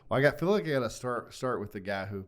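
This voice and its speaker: A man's voice: medium pitch, animated, fast talker. A man, a preacher, chatting casually on a podcast, easygoing and thinking aloud with ums. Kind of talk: casual chat.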